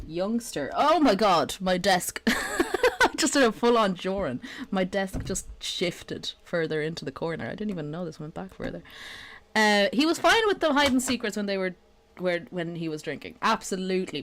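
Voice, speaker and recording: Irish woman, dublin accent, streamer, young adult, animated sing-song pitch, sweary chatty. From Ireland. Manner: chatty, swears freely, laughs often. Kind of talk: casual live-stream chat.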